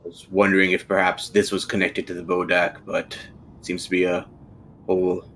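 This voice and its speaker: A man playing a tabletop game, calm and slightly formal. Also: sits low, brisk, a little hiss or hum, poor audio. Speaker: player. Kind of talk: casual tabletop play.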